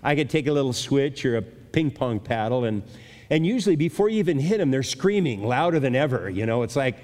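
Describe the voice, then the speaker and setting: An older male pastor teaching a Bible passage in a conversational sermon, pausing and restarting as he thinks aloud. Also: medium pitch, sing-song, a little mellow. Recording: long reverb of a large hall.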